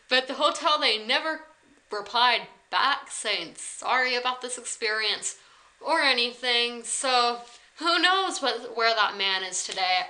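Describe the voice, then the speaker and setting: A young woman from South Carolina tells a story to a camera on a tripod, rambling along with plenty of "like" fillers. Her voice is bright and sits a little high for a woman, with a casual, chatty vlog delivery. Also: low-quality recording. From South Carolina, USA. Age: 20s. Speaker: vlogger.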